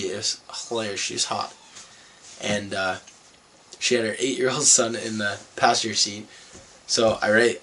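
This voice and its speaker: A man's voice: lowish voice, sharp tone, a little hiss or hum. A young man from Canada vlogging, telling a rambling, profane story in a laid-back way. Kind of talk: casual storytelling vlog.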